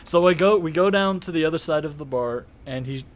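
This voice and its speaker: Casting: young man, game master on a stream, rambling, slightly high voice. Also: fairly quick. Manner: rambling, many fillers, laughs at himself. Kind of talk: narrating a live-streamed tabletop game.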